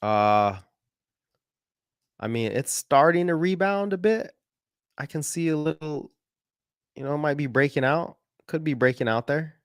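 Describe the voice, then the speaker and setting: A man's voice: fairly high pitch, animated, measured pace, long pauses, smooth, no echo, clean studio sound. A man hosting casual market commentary, rambling and correcting himself as he goes through stock charts with slangy asides. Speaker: market analysis host.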